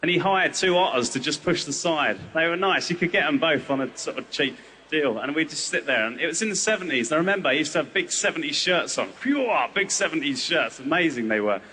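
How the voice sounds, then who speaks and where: A man's voice: a little high, expressive, brisk, bright, forceful tone, a little hiss or hum. A man in his thirties from England, performing a whimsical, rambling surreal stand-up routine on a comedy club stage. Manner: whimsical, rambling, jumping into silly character voices.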